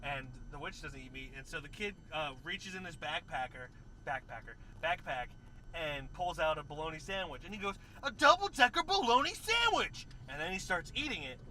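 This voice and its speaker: A man's voice: a little high, a little fast, pushed and bright, slight background noise, low-quality recording. A man co-hosting a movie review show, telling a story in casual chat and acting out the scenes with animation.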